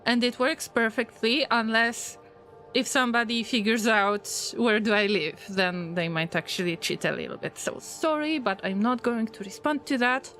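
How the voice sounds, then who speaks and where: A woman's voice: a little high, normal speed, a bit bright, faint music behind. A woman streaming a game and chatting with her viewers in English, which is not her first language. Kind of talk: casual livestream chat while gaming.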